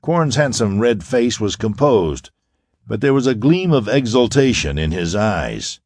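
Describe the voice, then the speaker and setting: A man narrating a pulp science-fiction audiobook with expressive storytelling. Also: on the low side, measured pace, no echo, studio quality. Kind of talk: scripted pulp sci-fi narration.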